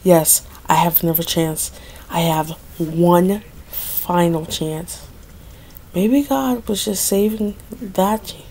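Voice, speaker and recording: A young woman talks through a board game video at an unhurried pace, her voice sitting a little low. She is dramatic and self-pitying, pleading for good rolls. A faint hiss of noise sits under the recording. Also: mellow. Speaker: gaming video creator. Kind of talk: casual gameplay commentary.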